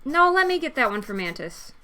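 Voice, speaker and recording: A woman with a slightly high voice chats casually as she co-hosts a drawing session. She sounds playful and teasing, quick to find things funny. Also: very animated, bright, forceful tone. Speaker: co-host. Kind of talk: casual chat while drawing.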